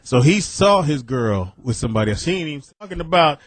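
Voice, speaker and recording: A man's voice: a little high, big pitch swings, quick pace, no echo. A man hosting a radio call-in show, teasing callers with playful banter. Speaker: radio host. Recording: radio studio with loud crowd behind.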